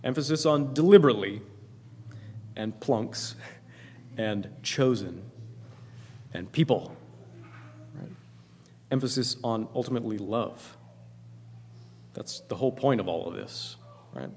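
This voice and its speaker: A man's voice: mid-range voice, animated, measured pace, long pauses, darkish tone, a little hiss or hum. A man preaching a sermon in an earnest, emphatic way, often repeating himself for emphasis. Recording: long hall reverb.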